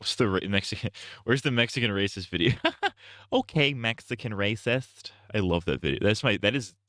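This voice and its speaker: A man's voice: on the low side, fast talker, fairly bright tone. A man streaming a video game live, riffing casually with crude jokes and swearing. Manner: crude, joking, riffing with frequent laughs and swearing.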